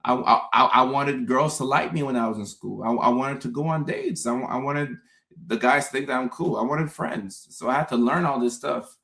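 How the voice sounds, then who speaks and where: Male livestream host, mid-range voice, casual and animated, stammering repeats. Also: medium pitch, normal speed. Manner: animated, repeats words, acts out his own thoughts. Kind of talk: casual livestream talk to viewers.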